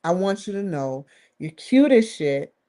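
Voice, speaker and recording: A woman's voice: fairly low pitch, sing-song, unhurried, dark tone. A woman talking to the camera in a rambling, candid vlog monologue, swearing freely and leaning hard on stressed words. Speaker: vlogger.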